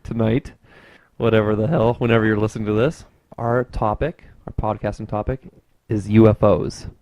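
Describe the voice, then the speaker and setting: A young podcast co-host with a fairly low, darkish voice speaks flatly at a moderate pace. He rambles loosely through the casual conversation, with plenty of fillers and easy laughter.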